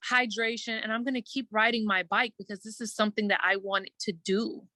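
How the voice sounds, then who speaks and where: A woman guest in a casual interview, telling her story earnestly and quickly, acting out her own thoughts and using many "like" fillers. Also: on the high side, fairly even intonation, bright, forceful tone, no room sound. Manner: earnest, fast storytelling with quoted self-talk and many "like" fillers. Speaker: guest entertainer.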